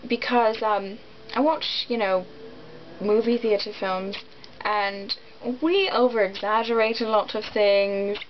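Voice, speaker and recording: Taking it slowly with a medium-pitched voice, a young woman from the United States vlogs casually to camera, giggling and rambling with plenty of ums and likes. The recording is dull and lo-fi, carrying faint noise.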